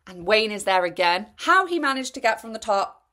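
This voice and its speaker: A woman's voice: mid-range voice, sing-song, a little fast, sharp tone. A young woman telling a rambling, chatty story about running an ultra race. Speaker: runner reviewing a race. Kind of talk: casual spoken race recap.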